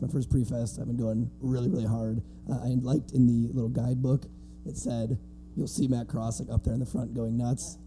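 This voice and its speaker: A man with a hoarse, worn-out voice, talking in a rambling, self-mocking way as a guest on a live podcast in a theatre. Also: mid-range voice, poor audio. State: hoarse, worn-out voice after days of partying. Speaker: guest wrestler. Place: theatre stage before a live audience.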